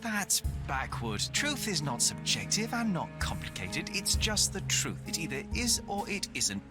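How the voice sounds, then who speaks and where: An actor playing a cool, dismissive young detective who speaks curtly and with cold logic, in a video game. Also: male voice, fairly high pitch, big pitch swings, unhurried. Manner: curt, coldly logical. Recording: game audio over in-game music.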